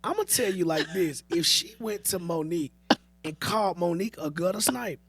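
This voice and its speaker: Husky-voiced man telling stories animatedly. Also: high-pitched, dry recording, soft background music. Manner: animated storyteller, quick repeated restarts. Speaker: podcast co-host. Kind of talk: casual chat, reading quotes aloud.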